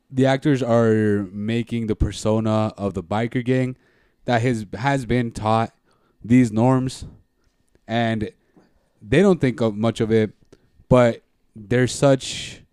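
A man's voice: medium pitch, darkish tone, clear, resonant tone, dry recording, studio quality. A man in casual podcast chat about TV shows, thoughtful and hesitant, summing up what the other speaker says.

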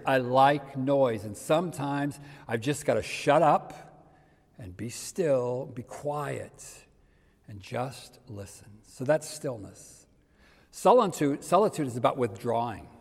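Older male pastor preaching in a reverberant hall. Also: medium pitch. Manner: conversational, dropping to soft near-whispers for emphasis. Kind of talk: sermon.

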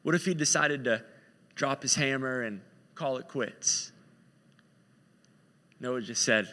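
A man's voice: mid-range voice, slow pace, pauses often, bright, forceful tone, big-room sound. A man preaching a sermon in a conversational, storytelling way, often repeating himself.

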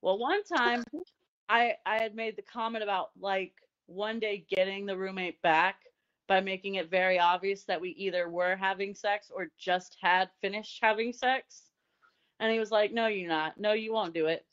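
Loud storytelling woman from Indiana. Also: medium pitch, fairly even intonation, moderate pace, clean tone, muffled recording. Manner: loud, storytelling, swears freely. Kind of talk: casual raunchy chat.

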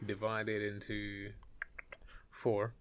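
A man's voice: lowish voice, completely flat delivery, drawn-out words, smooth. Crude joking young British man. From Britain. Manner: crude, joking, swears a lot. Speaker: podcast co-host. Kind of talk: casual podcast banter.

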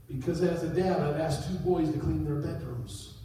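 A middle-aged man preaching a sermon as a pastor, dropping low and then rising to sudden shouted peaks. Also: moderate pace, a little hiss or hum. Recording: echoey hall, voice from far off.

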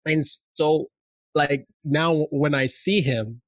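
Slangy, animated man in a dry mic. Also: fairly high pitch, slow, no room sound. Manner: animated storyteller, slangy, many fillers. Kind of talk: casual chat.

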